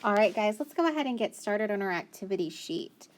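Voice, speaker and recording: A woman's voice: medium pitch, expressive, fairly quick. A woman teacher leading a phonics lesson for young children, patient and encouraging, asking questions and praising answers.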